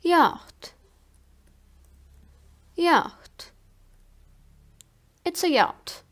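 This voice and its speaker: A woman giving a language lesson, saying each word slowly and carefully, often twice. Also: extremely high pitch, expressive. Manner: slow, carefully enunciated word drills. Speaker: language teacher.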